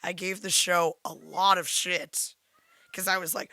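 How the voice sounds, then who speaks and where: A woman's voice: lowish voice, measured pace, sharp tone. A woman co-hosting a casual podcast, blunt and giggly, swearing freely. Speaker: podcast co-host. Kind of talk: casual chat.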